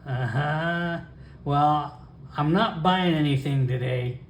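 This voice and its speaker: Narrator doing a snippy suspicious townswoman, slow sarcastic drawl, echoey room w/ faint hiss. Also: medium pitch. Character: suspicious, sharp-tongued townswoman.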